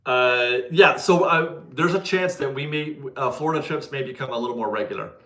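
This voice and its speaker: A man's voice: mid-range voice, fairly quick, bright, forceful tone, reverberant. A man hosting a casual livestream, chatting, laughing often and correcting himself as he answers viewers. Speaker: livestream host reading viewer donations.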